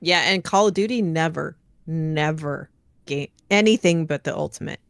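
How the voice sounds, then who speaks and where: Low-voiced woman, hedging commentary. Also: normal speed, creaky, dry recording, clean studio sound. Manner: thoughtful, hedging, lots of "like" and "right?". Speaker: guest commentator. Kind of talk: casual discussion.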